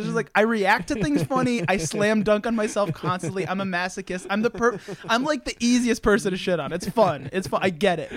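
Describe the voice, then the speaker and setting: A man's voice: high-pitched, brisk, few pauses, a crowd in the background. A young man hosting a casual podcast, a little drunk, telling stories with frequent laughter and swearing. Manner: laughing, swearing, animated storytelling. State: tipsy. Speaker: podcast host.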